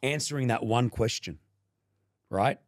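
Appearing as a podcast guest, this middle-aged radio presenter from Australia tells stories a little slowly in a mid-range voice. He's an animated raconteur in a casual chat, performing other people's quoted words.

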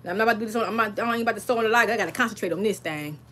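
A woman hosting a casual live stream, rambling excitedly and reading viewers' comments aloud. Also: medium pitch, rapid-fire, a little hiss or hum.

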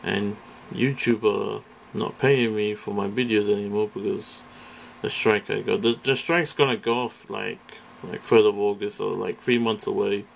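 Man from Britain, low gravelly voice, rambling profane vlog rant, hesitant, faint background noise. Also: fairly even intonation, moderate pace. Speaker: vlogger. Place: indoors, face off camera.

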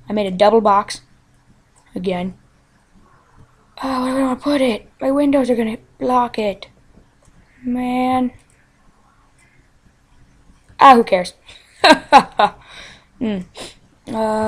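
A woman's voice: a little high, takes it slowly, pauses often. A woman hosting a game let's play, chatting casually to herself in a goofy, playful way with frequent giggles. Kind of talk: casual gameplay commentary.

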